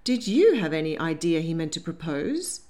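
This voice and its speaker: A woman's voice: low voice, sing-song, moderate pace, a little mellow. A woman playing a flustered, tipsy young lady. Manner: flustered, indignant, a little giddy.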